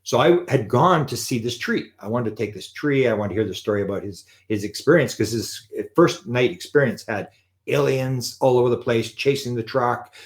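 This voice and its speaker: A man telling an anecdote in a live talk, animated and acting out the quotes. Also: mid-range voice, normal speed. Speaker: lecturer on UFOs.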